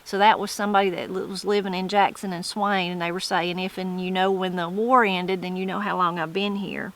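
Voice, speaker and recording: A woman's voice: lowish voice, little pitch movement, a little fast, fairly bright tone, rough recording. A woman with a Southern Appalachian accent reads dictionary entries aloud and then comments on them chattily as a channel host. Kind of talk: casual explanation of regional words.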